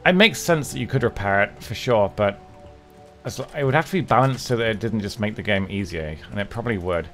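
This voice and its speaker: Lively man muttering over gameplay. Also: on the low side, fairly quick, soft background music. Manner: chatty, muttering to himself and his colonists. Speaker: streamer. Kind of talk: casual gameplay commentary.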